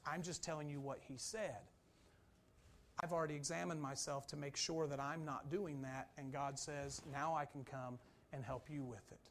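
A man preaching a sermon, swinging between loud, urgent emphasis and quiet, low asides.

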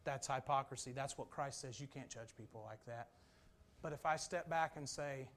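A man preaching a sermon, swinging between loud, urgent emphasis and quiet, low asides. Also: normal speed.

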